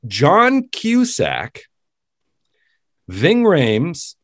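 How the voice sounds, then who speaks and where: A man co-hosting a podcast, talking about a film in casual chat, animated and mocking, laughing often. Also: on the high side, drawn-out words, no echo, studio quality. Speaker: podcast co-host. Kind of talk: casual movie review chat.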